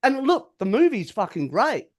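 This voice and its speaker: A man with a high voice, co-hosting a podcast in casual chat. He mostly agrees and chimes in, with casual swearing along the way. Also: very animated, moderate pace. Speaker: podcast co-host.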